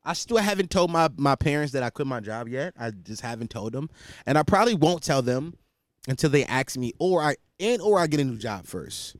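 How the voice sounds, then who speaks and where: Young guy rambling on his podcast, swearing a lot, bouncy animated pitch, dry close sound. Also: a little fast, no room sound. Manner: rambling, profane, self-mocking. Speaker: podcast host. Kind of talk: casual solo chat.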